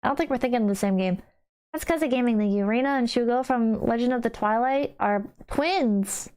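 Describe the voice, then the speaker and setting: A woman with a voice a little higher than most, talking casually on a livestream. She answers chat in a blunt, wry way and swears freely. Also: brisk, darkish tone. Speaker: streamer reading chat.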